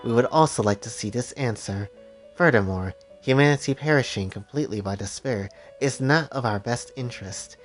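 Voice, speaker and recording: A man voicing a calm, solemn young female attendant who speaks softly and formally. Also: mid-range voice, soft background music, natural voice. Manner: soft, measured, formal.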